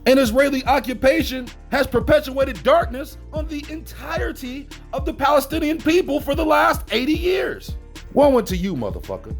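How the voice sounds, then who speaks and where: A man's voice: normal speed, hardly any pauses, faint music behind. A man giving sarcastic, profane ranting commentary, mocking and theatrical. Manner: mocking, profane, theatrical swings in pitch and loudness. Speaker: commentary host.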